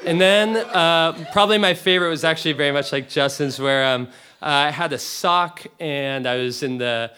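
A man's voice: fairly high pitch, moderate pace, sharp tone, clear, resonant tone. A young man telling a comic personal story to a live audience, rambling and restarting as he laughs through it. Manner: rambling, self-interrupting, laughing often. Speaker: storyteller on stage.

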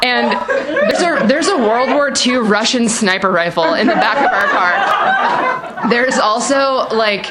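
A woman's voice: fairly high pitch, wildly swooping pitch, slow. A woman telling a personal story aloud, rambling with lots of fillers and frequent laughter. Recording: noisy live recording.

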